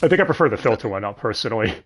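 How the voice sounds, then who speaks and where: A young man hosting a casual livestream, his pitch bouncing up and down as he talks. He rambles, trips over his words, swears freely and corrects himself mid-sentence. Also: very animated, rapid-fire, fairly bright tone. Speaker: stream host.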